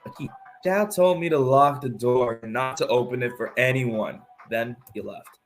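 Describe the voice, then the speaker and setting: A player doing a gruff cowboy echidna sheriff. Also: mid-range voice, normal speed, soft background music, close to an everyday voice. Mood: earnest. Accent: put-on cowboy drawl. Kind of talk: voicing game dialogue.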